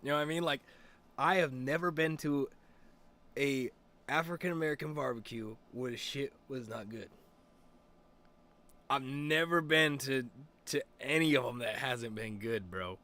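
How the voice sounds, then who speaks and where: A man's voice: medium pitch, a little slow, long pauses, sharp tone. A young man streaming and chatting casually, rambling with lots of fillers, restarts and swearing. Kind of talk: casual chat.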